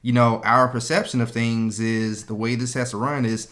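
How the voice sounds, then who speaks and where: A man's voice: medium pitch, moderate pace. A man, co-hosting a casual podcast and telling stories, acting out what others said. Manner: animated storyteller, acts out quotes. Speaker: podcast co-host. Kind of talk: casual chat.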